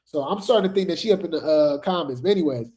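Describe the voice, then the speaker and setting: A woman's voice: low voice, lively intonation, fast talker, warm tone. A woman hosting a casual gossip commentary show, chatty and slangy, laughing often as she talks.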